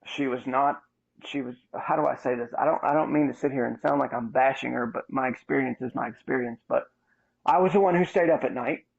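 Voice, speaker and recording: A man in his thirties, a podcast host, telling a candid personal story in a casual, animated way. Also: mid-range voice, a little fast, creaky, slightly rough. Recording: muffled lo-fi audio.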